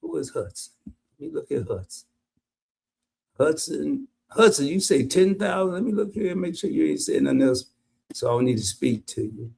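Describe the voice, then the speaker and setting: Animated man telling a story. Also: on the high side, normal speed, gravelly. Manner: animated, loose storytelling that greets chatters by name. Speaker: live streamer. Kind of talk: casual storytelling to live chat.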